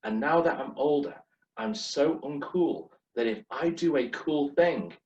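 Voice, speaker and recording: A man's voice: on the high side, measured pace, darkish tone. Middle-aged man, wry self-mocking speech, distant. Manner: self-deprecating, wry list delivery. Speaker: speech contest speaker. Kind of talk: humorous prepared speech. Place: club meeting room. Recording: distant dull lo-fi room recording.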